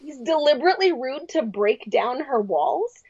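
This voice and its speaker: Young woman, lively storytelling, fairly high voice, dry close sound. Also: normal speed, dry recording. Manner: animated, acts out quoted voices. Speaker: podcast guest speaker. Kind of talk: casual reflective talk. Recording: dry, slightly dull sound.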